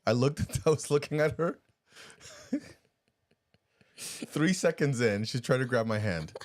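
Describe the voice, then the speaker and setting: A man co-hosting a podcast in casual chat, animated and rambling, laughing often and restarting his sentences. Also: mid-range voice, a little slow, dry recording, studio quality. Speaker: podcast co-host.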